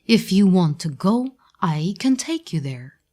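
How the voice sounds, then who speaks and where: A woman voicing a kindly, helpful talking parrot in a storybook, speaking loudly and coaxingly. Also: on the low side, very animated, unhurried.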